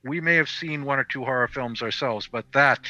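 A man's voice: medium pitch, a little fast, bright, forceful tone, no echo, lo-fi sound. A man rambling casually about a film over a call, with lots of fillers and restarts. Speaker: podcast guest reviewer. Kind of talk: casual film review chat. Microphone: video call.

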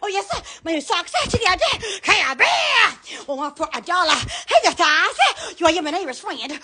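A woman's voice: very high-pitched, sing-song, normal speed, bright, forceful tone, slight background noise. A woman showing off her thrift store finds on a live stream, exclaiming and laughing constantly. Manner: exuberant, squealing and laughing, repeated exclamations. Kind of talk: Instagram live replay.

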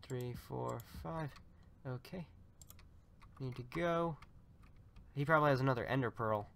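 Man, gaming commentary, casual, excitable, repeats phrases, yells in fights, USB desk mic, medium pitch. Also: measured pace, gravelly, slight background noise. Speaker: gaming channel host. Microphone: USB desktop microphone.

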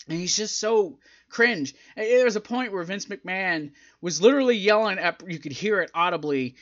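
A man reviewing a wrestling show, talking casually and getting exasperated, with a rambling, animated delivery. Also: high-pitched, dull audio.

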